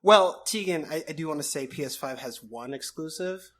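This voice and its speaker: A man's voice: a little high, moderate pace, fairly bright tone. A man co-hosting a casual podcast, chatting in a laid-back way with casual swearing. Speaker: podcast co-host. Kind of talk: casual chat.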